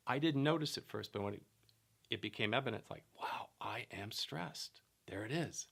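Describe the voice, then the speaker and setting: A middle-aged man teaching in a calm, measured way, explaining a method with personal anecdotes. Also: mid-range voice, creaky.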